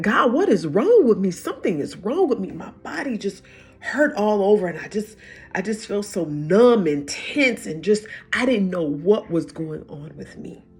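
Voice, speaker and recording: Middle-aged woman, breathy husky voice, halting personal testimony over faint music. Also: mid-range voice. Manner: halting, repeats words, restarts sentences. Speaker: vlogger sharing a personal story.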